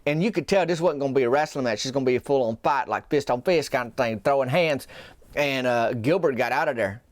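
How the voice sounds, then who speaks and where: A man's voice: mid-range voice, brisk, dry recording. Folksy man spinning a tall tale. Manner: folksy, meandering, deadpan asides. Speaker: podcast host, storyteller. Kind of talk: rambling comic tall tale.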